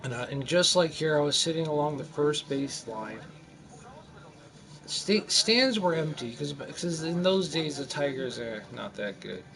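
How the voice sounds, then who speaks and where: A man in his forties casually telling a rambling story over his gameplay, animated and full of restarts. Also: mid-range voice, normal speed. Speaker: gamer narrating his gameplay.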